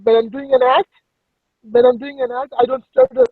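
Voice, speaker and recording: A man's voice: extremely high pitch, big pitch swings, vocal fry, dry recording, phone-quality sound, heavily acted. A man on voice chat putting on a Pakistani accent and a fake crying voice, playing a pleading, nervous immigrant. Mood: whiny. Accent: put-on Pakistani accent. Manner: whimpering, pleading, halting. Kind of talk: voice chat prank role-play. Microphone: phone in a voice chat.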